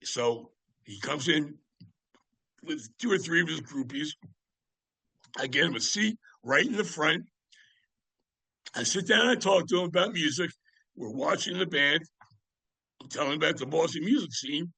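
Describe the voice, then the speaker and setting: A man's voice: on the high side, moderate pace, creaky, pauses often, sharp tone, slightly rough, no echo. A man in his seventies, a podcast guest telling long, rambling stories about music with many fillers and restarts. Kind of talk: casual anecdotal storytelling.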